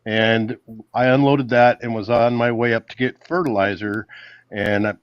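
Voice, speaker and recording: A man talking in a relaxed, hesitant way, with many fillers, as a guest on a live stream. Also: medium pitch, normal speed, smooth, no room sound, highs cut off. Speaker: truck driver guest. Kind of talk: casual chat on a call.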